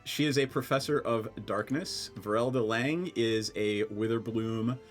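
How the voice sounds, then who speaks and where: A man from Scranton, Pennsylvania, narrating as game master of a tabletop game, playful and halting with many fillers. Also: medium pitch, soft background music.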